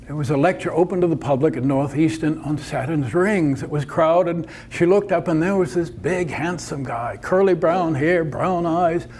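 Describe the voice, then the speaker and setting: A man narrating a story in a relaxed, conversational manner, his voice sitting a little higher than most men's. He moves easily between scenes. A faint hiss of background noise sits under the voice. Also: normal speed, hardly any pauses.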